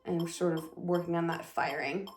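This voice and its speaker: A woman's voice: lowish voice, steady tone, moderate pace, loud music behind the voice. A woman teaching viola in a casual lesson, chatting, counting aloud and singing rhythms while she plays. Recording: echoey room with viola playing. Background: her own viola playing and a metronome.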